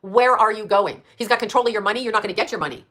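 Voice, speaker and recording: A woman's voice: mid-range voice, racing, a bit bright. A woman hosting a stream, ranting in a rambling, profane monologue full of rhetorical questions.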